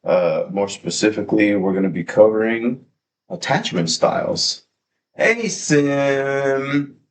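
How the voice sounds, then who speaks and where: A man hosting a livestream, talking in a casual, excitable, rambling way with plenty of swearing, into a desk mic at his home setup. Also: fairly low pitch, normal speed, slight background noise. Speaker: livestream host. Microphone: desk microphone.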